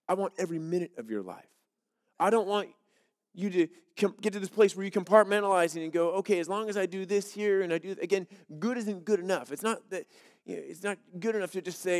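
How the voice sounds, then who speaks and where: A man's voice: a little high, brisk, a little mellow, big-room sound. A male pastor giving a sermon, earnest and repetitive, with joke illustrations. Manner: earnest, repeats key phrases, tells jokes as illustrations.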